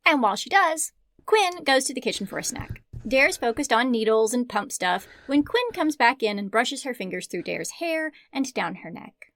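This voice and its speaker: A woman's voice: fairly high pitch, animated, normal speed, a bit bright, no echo. A woman co-hosting a casual book podcast, chatty and joking, laughing often and swearing now and then. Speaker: podcast co-host.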